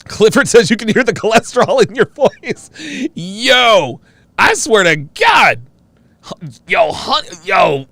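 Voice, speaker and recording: A man hosting a casual live-stream chat, reacting excitedly with loud exclamations. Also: high voice, a little slow, gravelly, breathy edge, dry recording.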